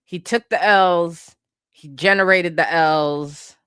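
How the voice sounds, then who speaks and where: A woman hosting comedic pop-culture commentary, animated and incredulous, swearing freely and breaking into laughter. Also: lowish voice, takes it slowly, clean tone, dry recording, studio quality. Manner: animated, incredulous, bursts of laughter, profane asides. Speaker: host.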